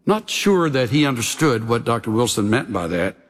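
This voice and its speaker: A man preaching a sermon as a pastor, in a measured, earnest delivery that sinks into hushed, intense passages. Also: medium pitch, very animated.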